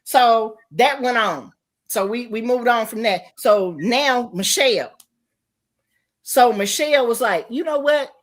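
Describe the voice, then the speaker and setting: A woman streamer telling a heated story, profane and animated, acting out the people she quotes. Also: on the high side, slow. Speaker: streamer host. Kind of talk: storytime rant.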